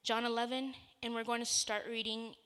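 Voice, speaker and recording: A woman's voice: on the high side, little pitch movement, normal speed, a bit bright, clear, resonant tone. A woman preacher giving a sermon, telling a personal story in an earnest, conversational way before moving into scripture.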